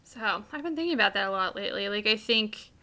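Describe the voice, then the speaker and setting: A woman's voice: mid-range voice, expressive, quick pace, bright, forceful tone. A young woman co-hosting a podcast in casual chat, upbeat and filling her talk with "like". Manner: upbeat, says "like" a lot. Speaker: podcast co-host.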